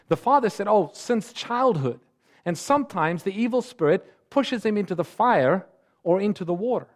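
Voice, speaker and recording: A man preaching a sermon in an earnest, emphatic way, slowing down and rising in pitch on key words.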